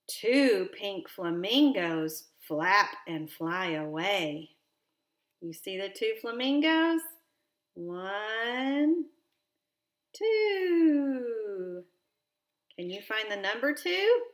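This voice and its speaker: A woman reading a counting picture book aloud with expression, stopping to ask a child gentle questions. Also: mid-range voice, very animated, drawn-out words, pauses often. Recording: roomy echo.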